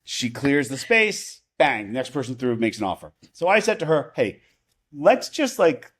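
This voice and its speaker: A man's voice: mid-range voice, big pitch swings, unhurried, slightly rough. A man who is a podcast guest telling a personal story in casual conversation, rambling, restarting his sentences and often asking "right?".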